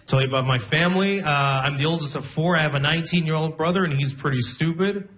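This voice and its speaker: A young man doing a stand-up comedy set, telling stories deadpan, laughing at his own lines and acting out other people. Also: fairly high pitch, quick pace, slight background noise. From immigrant to Canada. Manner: deadpan storytelling, breaks into laughter, acts out voices. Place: comedy club stage with audience.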